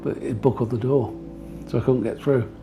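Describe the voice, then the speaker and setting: A man's voice: mid-range voice, fairly even intonation, normal speed, music in the background. A middle-aged man, a bouncer and former amateur boxer, recounting his fights bluntly and with swearing. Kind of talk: casual chat, telling stories.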